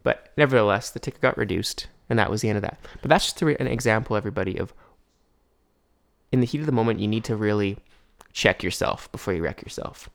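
A man's voice: lowish voice, fast talker, gravelly. A young man telling a rambling story to his viewers, casual and full of fillers. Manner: rambling, filler-heavy, keeps saying "anyways". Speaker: vlogger.

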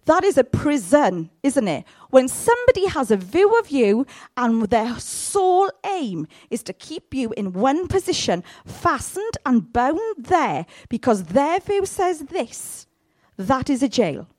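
A woman's voice: sits high, a little slow. A woman preaching a sermon and reading scripture, often checking in with her congregation. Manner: animated, asks the congregation for responses. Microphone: handheld mic.

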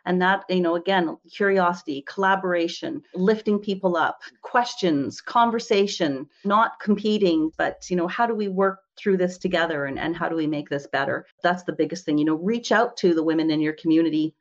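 A woman real estate investor speaking as an interview guest, animated and chatty, filling her talk with "you know" and "right?". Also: fairly low pitch, brisk, few pauses, highs cut off.

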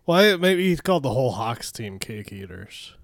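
A man from Minnesota co-hosting a movie podcast, chatting casually with wry, joking asides and quick laughs. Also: medium pitch, very animated, no echo, clean studio sound. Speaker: podcast co-host.

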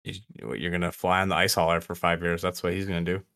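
Bright-voiced Midwestern man, casual chat. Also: sits low, level tone, fast, creaky, clean tone, no echo, studio quality. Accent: Midwestern American. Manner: rambling, hesitant, many restarts. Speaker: podcast co-host. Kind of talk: casual book discussion.

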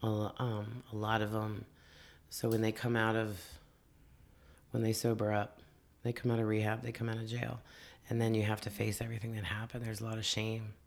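A man talking earnestly in a casual conversation as a podcast guest, often halting and restarting his sentences. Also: fairly low pitch, monotone, gravelly.

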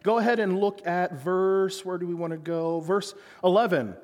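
A man's voice: high voice, fairly even intonation, normal speed, darkish tone, in a large hall. A man giving a sermon as a pastor, speaking conversationally and asking his listeners frequent rhetorical questions.

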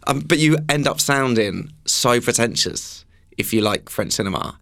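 A man's voice: medium pitch, expressive, moderate pace, fairly bright tone. A man hosting a comedy chat, teasing his guest, laughing easily and apologising for his own jokes. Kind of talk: casual chat.

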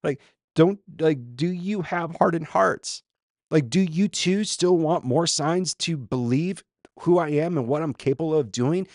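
A man putting on an exasperated teacher pressing his slow students. The voice rides a bit higher and louder than usual and fires off pleading rhetorical questions, one after another. Dry, close sound. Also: no room sound.

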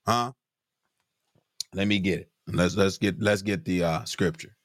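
A man's voice: measured pace, no room sound, studio quality. A man preaching a sermon with fervor, calling out "glory" and asking "hmm?" between scripture readings. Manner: fervent, repeats "glory be to God" and "hmm?", pitch climbs when stirred.

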